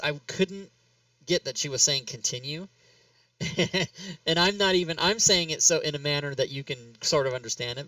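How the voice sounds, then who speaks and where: Male host, bright tone, slightly distant mic, rambling self-narration with laughs. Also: fairly high pitch, dry recording. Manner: rambling, laughs often, talks himself through steps. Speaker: talk show host. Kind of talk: casual chat while working in game software.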